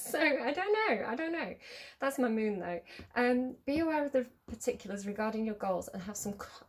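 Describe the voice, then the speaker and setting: Woman tarot reader, casual, chatty, giggly, mid-pitched, lots of ums. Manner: chatty, giggly, rambling with many fillers.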